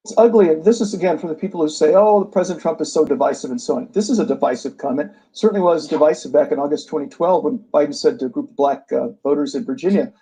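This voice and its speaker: A man speaking as a guest on a political radio show, making fast and critical points. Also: fairly high pitch, warm tone, husky, rough recording.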